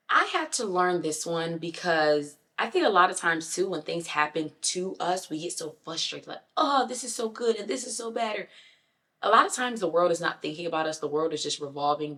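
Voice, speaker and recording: A woman with a somewhat low voice talks straight to her viewers in a casual motivational style. She is emphatic and conversational, slipping into quick acted-out quotes of other people and tossing in "you know what I'm saying.". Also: a bit bright. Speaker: self-improvement vlogger.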